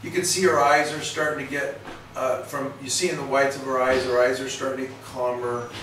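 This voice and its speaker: A man's voice: mid-range voice, little pitch movement, a little fast. A man, a veterinarian, explaining and demonstrating in a folksy, rambling way full of restarts, recorded in a clinic exam room. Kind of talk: instructional demonstration. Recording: roomy, distant, faint noise.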